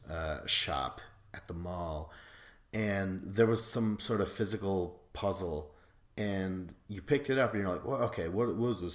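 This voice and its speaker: A man hosting a podcast, casually recapping a reality show episode in a profane, rambling way, acting out quotes in quick put-on voices. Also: low-pitched, reverberant. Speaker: podcast host.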